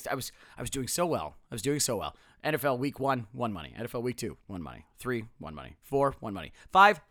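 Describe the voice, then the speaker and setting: A man's voice: on the high side, a bit bright, no echo, clean studio sound. A man hosting a casual solo sports podcast, sarcastic and self-mocking, his voice a bit strained. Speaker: podcast host.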